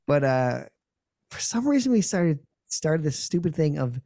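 A man's voice: on the high side, big pitch swings, measured pace, dark tone, no echo, studio quality. A man co-hosting a podcast in laid-back casual chat, often calling his friend "dude". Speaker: podcast co-host.

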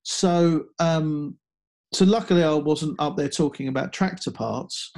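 A man's voice: fairly high pitch, vocal fry, darkish tone. Male guest, casual storyteller, stops and restarts often. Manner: halting, many restarts and fillers. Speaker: guest speaker.

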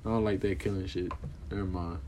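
A man's voice: low-pitched, steady tone, brisk, darkish tone, slight background noise. A young man chatting casually on a vlog, answering questions in a slangy, profane, rambling way, and saying he is putting on an accent. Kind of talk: casual chat.

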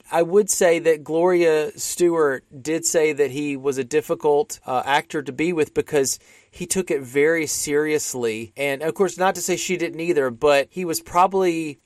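A man's voice: a little high, no room sound. A man co-hosting a podcast, chatting casually about classic films with many restarts and fillers. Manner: rambling with frequent restarts. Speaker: podcast co-host. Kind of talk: casual film discussion.

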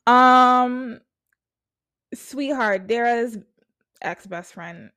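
A woman's voice: mid-range voice, a little slow. A young woman giving casual gossip commentary from her apartment, talking bluntly with lots of swearing and filler words.

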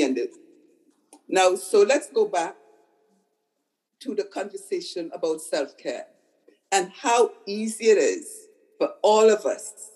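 Older female psychotherapist, conversational guest, mid-pitched, leans on emphatic repetition. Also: lively intonation, slow pace, pauses often, darkish tone, poor audio. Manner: repeats words for emphasis. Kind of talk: conversational storytelling.

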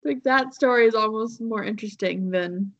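Woman podcast host rambling thru a story, lots of ums and likes, kinda high voice. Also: normal speed, fairly bright tone, highs cut off. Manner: rambling with many fillers and laughs. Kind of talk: casual chat, telling a story.

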